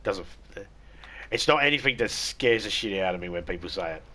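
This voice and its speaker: Lowish-voiced Australian man joking while gaming. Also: animated, brisk, pushed and bright. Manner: joking, irreverent, swears freely. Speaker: streamer. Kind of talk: casual gameplay chat.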